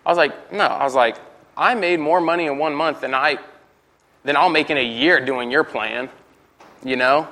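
A man's voice: on the high side, normal speed, bright, forceful tone. A man in his twenties giving a rambling, candid personal testimony, constantly repeating "I was like" and poking fun at himself. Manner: candid and self-mocking.

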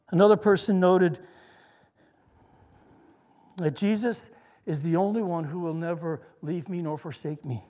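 High-voiced man preaching earnestly. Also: steady tone, mellow, big-room sound. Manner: earnest, slows down to stress scripture. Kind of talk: sermon.

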